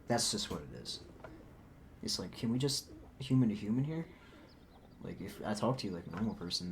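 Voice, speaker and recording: A soft-spoken young man rambling casually through a story as a vlogger, swearing often, recorded on a desktop mic at home. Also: sits low, noisy background. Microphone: desktop mic recorded in Audacity.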